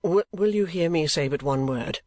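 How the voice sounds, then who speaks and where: A man reading an audiobook, voicing an earnest, insistent young gentleman in close to his own voice. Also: a little high, moderate pace, no room sound, close to an everyday voice.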